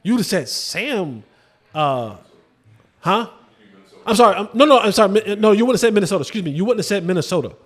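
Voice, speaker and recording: A man hosting a sports show, talking casually about football with lively swings and rhetorical questions to viewers. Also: fairly quick. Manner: animated, drops to low emphatic asides, rhetorical questions to viewers. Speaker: sports podcast host. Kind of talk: casual football commentary to camera.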